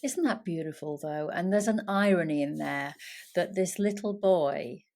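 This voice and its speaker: A woman podcast host who reflects on what her guest says and asks warm follow-up questions. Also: fairly low pitch, normal speed. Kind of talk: interview conversation.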